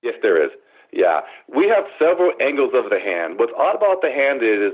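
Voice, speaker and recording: A man guest on a radio show, telling his story dramatically over the phone. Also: medium pitch. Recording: tinny phone line.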